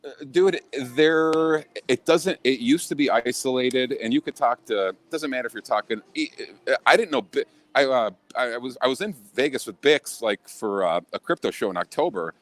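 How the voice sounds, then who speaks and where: A man's voice: mid-range voice, normal speed, hardly any pauses, no echo. A man from Illinois talking in a casual chat as a podcast guest, blunt and profane, with many restarts.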